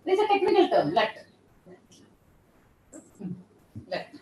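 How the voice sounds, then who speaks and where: Lively high-voiced woman professor lecturing. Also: moderate pace, highs cut off, slight background noise. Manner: patient, repeats terms while explaining. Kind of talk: classroom lecture. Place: lecture room. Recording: echoey room, voice from far off.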